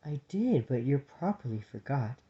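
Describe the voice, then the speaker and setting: A man's voice: medium pitch, big pitch swings, moderate pace, lightly acted. A man voicing an earnest young female squirrel maid who speaks urgently and sincerely, on a dull lo-fi recording.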